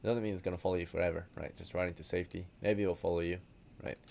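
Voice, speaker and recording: A man's voice: deep voice, fairly even intonation, racing, creaky, a little mellow, a little hiss or hum. A man running a tabletop game as game master, casual and often checking in with the players.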